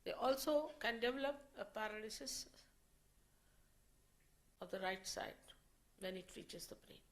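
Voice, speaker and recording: A woman speaking as a spiritual teacher, giving an unscripted lecture in a slow, measured way and often repeating her phrases. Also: mid-range voice, low-quality recording.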